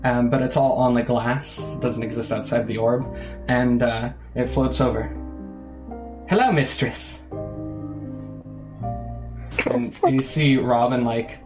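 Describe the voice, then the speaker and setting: A man's voice: medium pitch, level tone, normal speed, music in the background, poor audio. A man running a tabletop game as game master, telling the scene loosely with many fillers. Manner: loose, filler-heavy storytelling.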